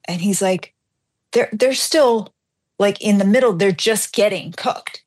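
A middle-aged woman hosts a radio show and tells her story in a chatty, animated voice. Her pitch sits in an ordinary middle range. She jumps into the quoted lines and pokes fun at herself. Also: measured pace. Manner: animated, self-deprecating, acts out dialogue. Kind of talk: casual on-air storytelling.

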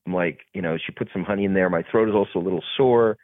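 A man, an actor, telling a story in a casual interview, animated and acting out the voices of others. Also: low-pitched, quick pace, dry recording. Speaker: actor guest. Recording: tinny phone-like podcast audio.

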